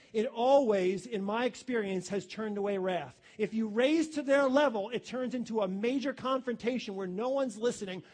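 A man's voice: extremely high pitch, darkish tone. A man preaching a sermon, emphatic and repeating his key phrases, calling listeners his friends.

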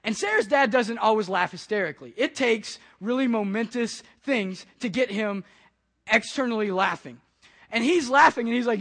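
A man, a pastor, telling a personal story in a conversational, animated way during a sermon. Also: high-pitched, moderate pace, vocal fry.

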